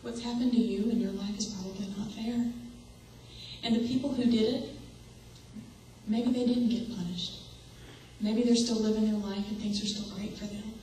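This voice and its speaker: A woman's voice: a little high, fairly even intonation, normal speed, pauses often, mellow. Young woman, earnest sermon, direct questions to the crowd, heavy echo, distant mic, faint room noise. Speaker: speaker. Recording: echoey hall, voice from far off.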